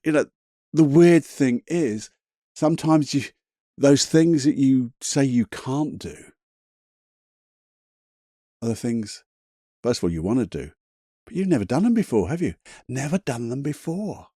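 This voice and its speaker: A man's voice: medium pitch, animated, unhurried, long pauses, warm tone, no echo, clean studio sound. A man hosting a solo motivational podcast, talking in a chatty, emphatic way, swearing casually and laughing at himself. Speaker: podcast host.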